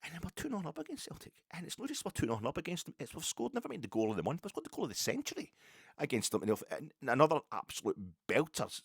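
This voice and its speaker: A man's voice: a little high, wildly swooping pitch, rapid-fire, gravelly, breathy edge, no echo, studio quality. A middle-aged Scottish man hosting a solo football fan podcast, rambling and swearing as he rants. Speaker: podcast host.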